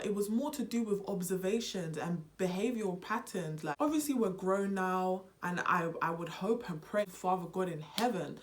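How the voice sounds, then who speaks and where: A young woman with a British accent chats straight to camera, and she slips into a Nigerian accent as she goes. She talks in an animated, unserious way. Her pitch sits in a middle range for a woman. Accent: British, switching into Nigerian. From United Kingdom. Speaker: vlogger. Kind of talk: casual vlog chat.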